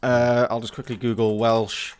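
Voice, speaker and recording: A man's voice: mid-range voice, flat delivery, moderate pace, smooth. Giggly man on a podcast. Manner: giggly, self-mocking. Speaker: podcast co-host. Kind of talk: casual comedic chat.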